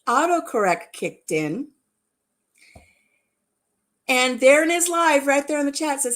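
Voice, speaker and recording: Woman hosting a relaxed live chat, slightly high voice, giggly, rambles and repeats herself. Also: normal speed. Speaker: livestream host.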